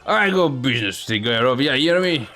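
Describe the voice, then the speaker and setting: A man's voice: mid-range voice, lively intonation, fast talker, bright, forceful tone, soft background music. A man voicing a tough, menacing loan shark from a video game with a put-on Brooklyn accent. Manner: menacing tough-guy growl.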